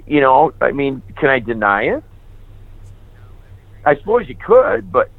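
A man who is a priest tells his own story with candid, lively energy and slips into the voices of the people he quotes. His voice comes through thin and tinny, like over a phone line, with a dry, close sound. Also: on the high side, vocal fry, no room sound. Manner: animated, candid, acts out remembered dialogue. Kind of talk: personal testimony storytelling.

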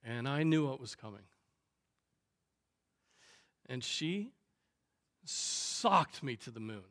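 Brief: man pastor in a church, emphatic unhurried sermon delivery, high bright voice. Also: animated. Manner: emphatic preaching with piled-up phrases and strong swings in loudness. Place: church sanctuary.

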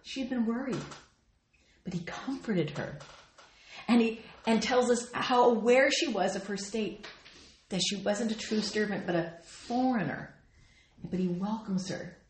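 A woman's voice: medium pitch, a little slow, reverberant, a little hiss or hum. A woman teaching a Bible study, earnestly reading and explaining scripture with feeling. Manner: earnest and expressive, reads scripture aloud with feeling.

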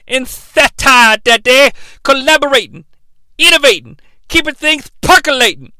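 A man putting on a boisterous wrestling-legend commentator voice who shouts catchphrases and calls people baby and daddy. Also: very high-pitched, normal speed, dry recording, pitched above the performer's own voice, full character voice. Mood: hyped, boastful.

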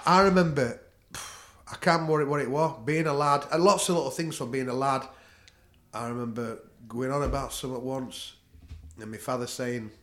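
Heard in an echoey room, a middle-aged Northern English man with a medium-pitched, slightly bright voice chats casually as a podcast guest. He practices jiu-jitsu, talks bluntly, swears freely, and laughs at his own stories.

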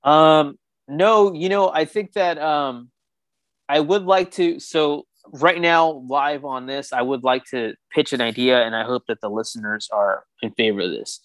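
A man with a medium-pitched voice chats casually as a podcast co-host. He keeps things playful and joking, pausing now and then to find his words. The sound is dry and close. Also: fairly bright tone, dry recording. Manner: joking, playful, slightly hesitant. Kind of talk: casual chat.

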